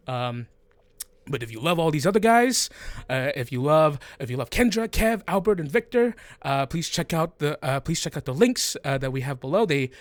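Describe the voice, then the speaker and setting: This is a man who hosts and narrates a tabletop game, rambling through announcements with lots of fillers and laughs. His voice is slightly high for a man and very animated. The sound is dry and close. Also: no echo. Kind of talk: casual chat and show intro.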